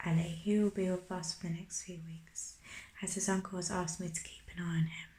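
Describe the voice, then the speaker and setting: A woman's voice: on the low side, flat delivery, fairly quick, mellow, a little hiss or hum, close to an everyday voice. A woman voicing a jolly, amused grown man in whispered role-play. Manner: hearty, amused. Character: jolly grown man, friendly family friend. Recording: roomy echo.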